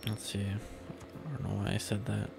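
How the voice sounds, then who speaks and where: Gravelly young man chatting on a game stream. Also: lowish voice, little pitch movement, a little slow, loud music behind the voice. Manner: loose, rambling, swears casually, chats to viewers. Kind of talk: casual gameplay livestream chat.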